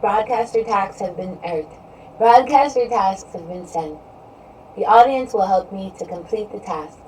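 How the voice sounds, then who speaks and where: A woman's voice: mid-range voice, unhurried, a little mellow. A woman live-streaming and chatting casually with her viewers, rambling from topic to topic and filling her talk with "you know". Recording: distant mic with faint background noise.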